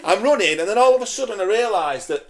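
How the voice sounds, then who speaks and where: A man's voice: high-pitched, quick pace. A man, telling a story in a casual, laughing, sweary way as a podcast guest. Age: 40s. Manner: animated, laughing, sweary banter.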